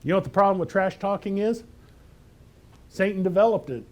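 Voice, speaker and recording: A man's fairly high voice carries an emphatic sermon. He preaches conversationally, pushing his points with rhetorical questions aimed at his listeners. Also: brisk. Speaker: pastor.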